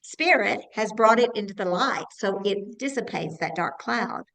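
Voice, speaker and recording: A woman's voice: medium pitch, lively intonation, moderate pace, creaky, a bit bright, low-quality recording. A woman on a video call in an online class, earnestly explaining her point with examples. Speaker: class participant.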